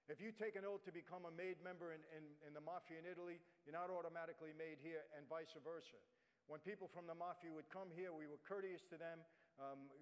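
A guest speaker from New York, USA, gives a testimony sermon at a church, speaking bluntly and conversationally straight to the audience. His voice sits a little higher than most men's. Each line is trailed by long reverb from the big hall.

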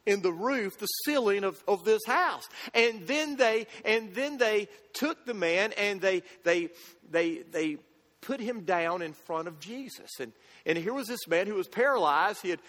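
A high-pitched man delivers an earnest sermon as a pastor. He drops to a hush and rises again, repeating words as he restarts. His voice rings with the long reverb of a large hall. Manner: earnest, repeats words when restarting, swings from loud to hushed.

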